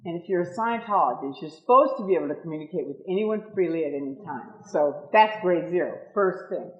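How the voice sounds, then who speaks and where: A woman's voice: on the low side, brisk, muffled recording. A woman in her sixties telling stories at a meetup, with lots of laughter and acted-out quotes. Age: 60s. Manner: lively, laughing, acts out quotes. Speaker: ex-member speaking at a meetup. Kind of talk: animated storytelling talk.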